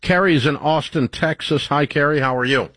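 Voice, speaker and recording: A man's voice: a little high, moderate pace, fairly bright tone, dry recording. A man hosting a call-in radio show, delivering an ad read and greeting callers with a punchy, emphatic delivery. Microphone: studio mic.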